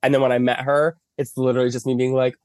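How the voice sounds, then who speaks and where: A man's voice: medium pitch, little pitch movement, quick pace, a little mellow, clean tone, no room sound, studio quality. A man, a makeup artist, chatting as a podcast guest, telling long stories with many fillers over a video call from bed. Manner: chatty storytelling with lots of fillers. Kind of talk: casual chat. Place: at home lying in bed.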